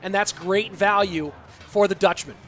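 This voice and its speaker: A man casting a live esports match, excitable and rambling, with chatty asides to the viewers. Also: high voice, moderate pace, faint music behind. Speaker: esports caster and streamer. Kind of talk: live esports commentary with chat reading.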